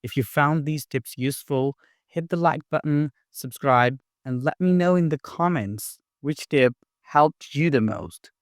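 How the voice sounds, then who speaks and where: Male language teacher, unhurried delivery, dry close sound, instructive scripted tone. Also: on the high side, no echo. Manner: clear, deliberate, instructive delivery. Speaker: English teacher. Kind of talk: scripted lesson narration.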